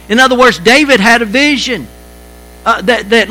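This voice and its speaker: A man preaching a sermon as pastor, halting and repeating words, shifting between quiet stretches and emphatic lines. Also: very high-pitched, low-quality recording.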